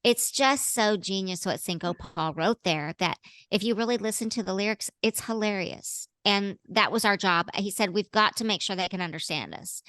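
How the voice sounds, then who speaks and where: A woman talking as an actress guest in a casual interview, bubbly and quick to laugh. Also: fairly low pitch, a bit bright, dry recording, studio quality. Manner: bubbly, laughing, jumps into playful voices.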